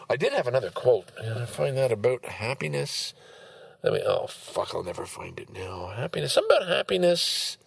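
Middle-aged man, podcast host; blunt, profane, digressive monologue with a lively, gravelly delivery. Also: mid-range voice, no room sound. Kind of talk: rambling solo podcast monologue.

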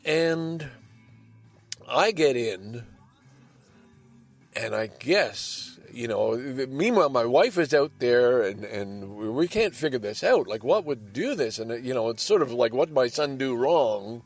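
With faint music in the background, an older man from Canada speaks a little slowly and expressively in a medium-pitched voice. He's hosting a podcast from home near a window, rambling casually from weighty matters to light ones.

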